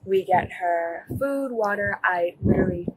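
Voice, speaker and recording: A young college student recounts events to a police officer on bodycam footage, her mid-range voice animated and a little slow. She rambles, uses many fillers, and keeps correcting herself, with background noise behind her.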